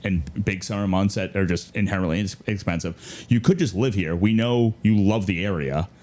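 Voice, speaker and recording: Male podcast co-host, somewhat low voice, relaxed conversational delivery, quotes clients as he talks. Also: normal speed. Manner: conversational, quotes clients in lively back-and-forth. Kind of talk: casual podcast chat.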